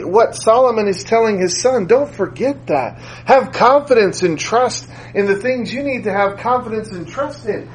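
A man's voice: high voice, poor audio. A man preaching a sermon in a conversational way, repeating phrases for emphasis. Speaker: school teacher.

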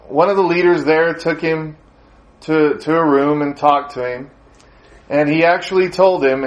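A man delivering a sermon in a relaxed, storytelling manner. His voice sits a little higher than most men's. He speaks conversationally, with ums and small chuckles as he relays the story. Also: poor audio. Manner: conversational, anecdotal, with frequent fillers and chuckles. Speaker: preacher.

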